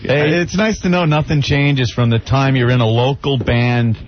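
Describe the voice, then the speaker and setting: A man hosting a radio show, chiming in with quick remarks and laughter. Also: medium pitch. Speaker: radio host. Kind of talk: casual radio chat. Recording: muffled radio broadcast with faint hiss.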